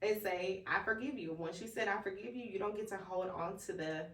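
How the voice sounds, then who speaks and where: A woman's voice: medium pitch, brisk, a bit bright. A woman co-hosting a podcast in casual, emphatic, slangy chat. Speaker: podcast co-host. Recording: roomy, distant from mic.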